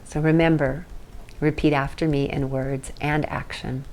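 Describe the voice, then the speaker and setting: A woman teaching an emotional tapping session, explaining at length in a chatty way with light asides, then guiding slow repeat-after-me statements. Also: sits low, little pitch movement, a little mellow. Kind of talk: guided tapping lesson. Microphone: phone or camera mic.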